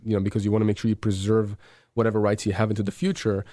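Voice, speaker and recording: A man speaks as a lawyer on talk radio, his voice dark and mellow. He talks earnestly and emphatically, tripping into restarts. The studio sound is dry and close. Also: on the low side, level tone, racing, no echo. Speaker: insurance and injury lawyer. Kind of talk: radio talk show advice.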